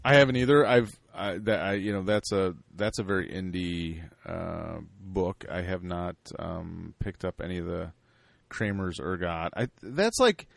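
A man co-hosting a podcast in casual chat, talking hesitantly with lots of restarts and often trailing off quietly. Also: sits low, animated, unhurried, gravelly, hardly any pauses, no echo. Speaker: podcast co-host.

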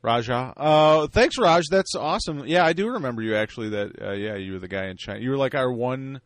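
A man's voice: mid-range voice, animated, fairly quick, no room sound. A male podcast co-host in loose banter, rambling and poking fun at himself between bits of listener mail. His voice sits mid-range, and the recording is dry and close to the mic. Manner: rambling, self-deprecating, frequent restarts.

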